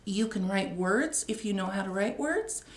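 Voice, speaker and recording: A woman librarian reading a picture book aloud to young children with an expressive read-aloud delivery, then chatting with them. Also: medium pitch, normal speed. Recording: echoey room, faint noise.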